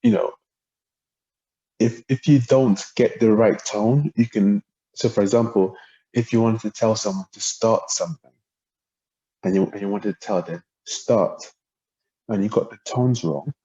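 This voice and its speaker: Male language tutor, husky low voice, patient and halting, recorded without a proper mic. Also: warm tone, highs cut off. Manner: hesitant, lots of ums, spells out syllables and tones. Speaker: language teacher. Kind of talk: relaxed explanatory lesson.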